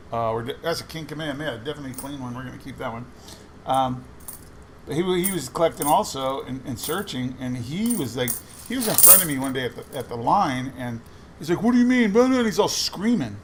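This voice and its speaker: A man with a medium-pitched voice, recorded with a little hiss or hum, tells a casual, rambling anecdote while sorting coins. He's a coin roll hunting vlogger who quotes what others said as the story unfolds.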